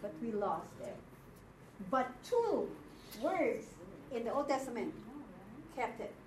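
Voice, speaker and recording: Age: unknown. Style: slow-paced woman teacher in an echoey classroom. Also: on the high side, very animated. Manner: slow, patient, checks understanding often. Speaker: Hebrew teacher. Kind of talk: classroom lecture. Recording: echoey room from far off, faint noise.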